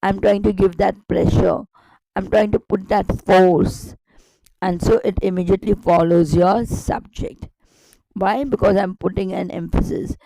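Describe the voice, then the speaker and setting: Woman doing a grammar lesson, slightly gravelly, keeps repeating and asking the class questions. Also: lowish voice, mellow, no room sound, poor audio. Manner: repetitive, emphatic explaining with rhetorical questions. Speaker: grammar teacher.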